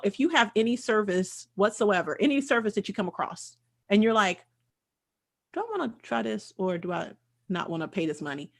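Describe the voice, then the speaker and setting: A woman's voice: medium pitch, fairly bright tone. A middle-aged woman hosting a casual chat, telling stories with lots of laughter. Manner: laughing, chatty storyteller. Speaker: host.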